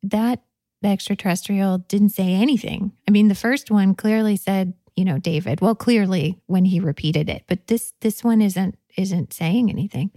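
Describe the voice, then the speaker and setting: A woman giving a guided reflective talk, speaking softly and playfully, often dropping to a whisper. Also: mid-range voice, moderate pace, no echo, studio quality. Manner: soft, playful, often drops to a whisper and laughs.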